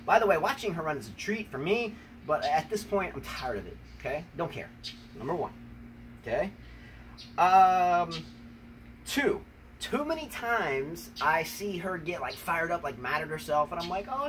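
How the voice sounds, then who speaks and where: Lively, high-voiced teasing American man. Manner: teasing, rambling, repeats "number one, okay?". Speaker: tennis show host. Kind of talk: playful trash talk to his wife. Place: outdoors on a rainy day. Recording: distant mic with faint ambient noise.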